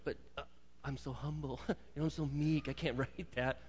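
Mock-humble fretful prophet, hushed and sheepish, put on by a male preacher; dull hall recording. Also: a little high, steady tone, moderate pace, husky. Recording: dull sound in a long-reverb hall.

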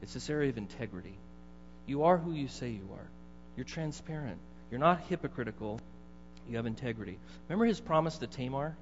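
A man's voice: mid-range voice, animated, brisk. Man, middle-aged pastor, conversational sermon, long hall reverb, faint hum. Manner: conversational, asks the congregation questions. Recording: dull, echoey hall with mains hum.

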